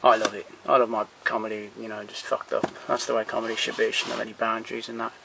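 A man's voice: on the low side, level tone, quick pace, creaky, background noise. A man walking through his film collection at home in a casual, rambling way, blunt and opinionated, swearing freely and trailing off between titles, recorded on a handheld camera.

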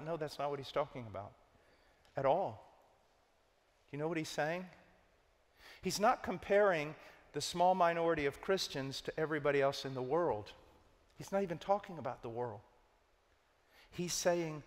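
A man preaching a sermon, emphatic, rising to urgent loud peaks and dropping to low hushed stress. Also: normal speed, pauses often, in a large hall.

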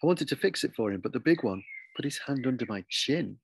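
A man, an author, reading his children's story aloud with lively, expressive storytelling. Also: mid-range voice, a little fast, gravelly, a little hiss or hum.

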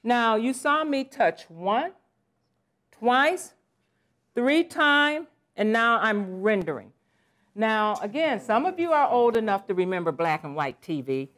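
A woman in her sixties giving a lively, playful conference presentation with exclamations and asides. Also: fairly high pitch, takes it slowly. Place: conference session room.

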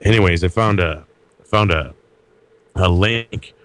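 A man's voice: sits low, takes it slowly, fairly bright tone, dry recording. A middle-aged man co-hosting a podcast over Skype, chatting casually, hesitant with many fillers and restarts. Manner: hesitant, lots of uh and restarts, laughs often. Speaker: podcast co-host. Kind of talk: casual chat. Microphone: talking over Skype.

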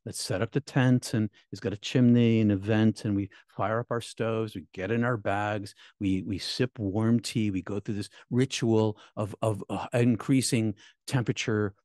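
A middle-aged man and minister recounting his near-death experience in an emotional, halting way, repeating words, his voice climbing high at painful moments. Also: fairly even intonation, darkish tone, no room sound, studio quality. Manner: halting, repeats words, voice rising high when reliving pain. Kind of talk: emotional personal storytelling.

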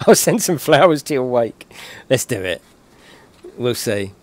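A British man from England live-streams a game, his medium-pitched voice sing-song, slow and a little mellow, with no echo. He jokes, swears and laughs with his audience in casual chat while playing.

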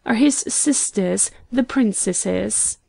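A woman's voice: mid-range voice, slow pace, gravelly, warm tone, no echo, exaggerated voice. A woman reading the part of a polite, deferential male hotel porter in an audiobook.

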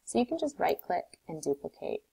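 Woman teacher, low gravelly voice, calm step-by-step tutorial. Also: fairly quick, low-quality recording. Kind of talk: screen-recorded coding tutorial.

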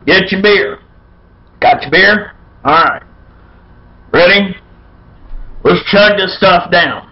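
Brief: high-voiced male beer vlogger, brash and folksy, dull lo-fi recording. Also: takes it slowly, long pauses. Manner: loud, folksy and irreverent, with playful chants. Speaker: beer review show host. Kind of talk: casual beer review vlog.

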